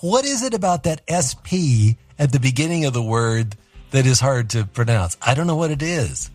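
A man hosting a radio call-in show, friendly and quick with banter, laughing easily with callers. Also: mid-range voice, big pitch swings, a little mellow, dry recording, faint music behind. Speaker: radio host.

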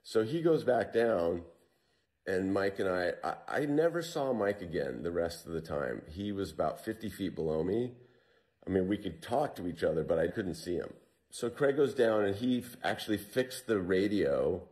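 A man with a very low, deep voice tells his survival story to an interviewer. He speaks in a loose, conversational way, full of fillers and restarts. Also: sing-song, moderate pace, a little mellow. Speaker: interview guest.

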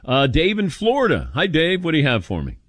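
A man's voice: fairly quick, dry recording. A middle-aged man hosting a sports talk radio show, opinionated and emphatic, taking calls from listeners. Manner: opinionated, animated, jumps in pitch for emphasis.

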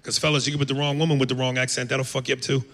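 A man's voice: medium pitch, flat delivery, racing. A man from the United States doing a brash, profane stand-up set on a comedy club stage. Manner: brash, profane, jumps into loud impressions. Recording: live club with reverb and room noise.

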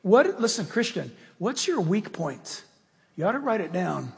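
A male preacher delivers a lively, conversational sermon, his high voice swinging widely in pitch. His tone is gravelly, and a long reverb hangs in the large church hall. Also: a little slow. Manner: animated, conversational, acts out the story characters.

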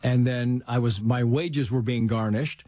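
A middle-aged man spins stories in easy conversation, and his speaking pitch sits right in the middle of the male range. He is animated and lively, jumping into the voices of the people he quotes. The sound is dry and close, with no room around it. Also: a little slow, no echo. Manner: animated storyteller who acts out quotes in a raised voice. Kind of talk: casual conversation, storytelling.

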